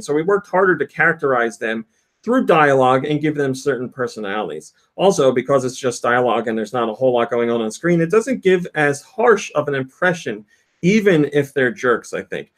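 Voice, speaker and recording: A podcast host with a medium-pitched, sing-song voice talks fairly quickly on his casual show. He reads out news and quotes and tells stories, laughing often.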